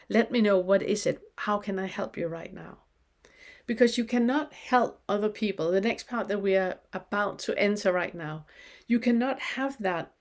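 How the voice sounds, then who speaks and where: A woman leads a spiritual lesson in a soft, unhurried way. She asks one reflective question after another, pausing to let each one land. Her voice sits in an ordinary middle pitch. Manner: slow, gentle questioning with pauses. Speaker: spiritual teacher. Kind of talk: guided spiritual teaching.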